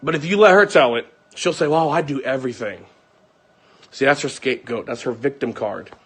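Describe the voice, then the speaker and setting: A young man venting to his viewers in an angry, profane, unscripted rant that comes in rapid bursts. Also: mid-range voice, animated, fairly bright tone, slightly rough.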